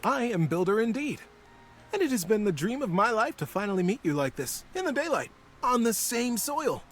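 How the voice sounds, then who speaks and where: A man voicing a genial, ever-smiling male beaver stranger in a storybook reading, warm and hearty. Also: high-pitched, huge pitch swings, fairly quick, faint music behind, pitched above the performer's own voice, full character voice. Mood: delighted.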